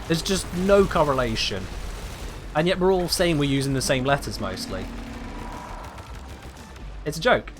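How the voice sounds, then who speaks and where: A man streams a video game live and chats casually with viewers, musing aloud and repeatedly asking them how to pronounce a name. His fairly high voice has lively intonation and a measured pace with long pauses. Loud game music and other background noise sit behind him.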